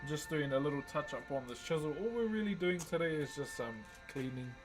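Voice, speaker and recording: A laid-back young man with a New Zealand accent chats easily with his stream viewers, his voice sitting a little high. Faint music plays under him. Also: lively intonation, fairly quick, low-quality recording. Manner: laid-back, greets chat viewers by name. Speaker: livestream host. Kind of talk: casual livestream chat while wood carving.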